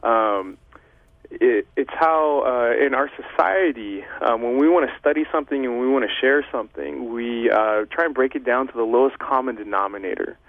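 A man's voice: mid-range voice, moderate pace, no echo. Earnest young man on a phone line. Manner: earnest and emotional, loose with fillers. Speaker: guest. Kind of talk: heartfelt faith testimony.

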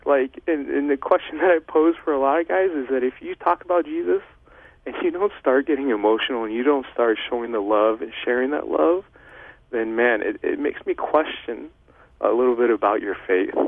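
A man's voice: medium pitch, no echo. Young male guest over a thin phone line, earnest, emotional testimony. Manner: earnest and emotional, loose with fillers. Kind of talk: heartfelt faith testimony.

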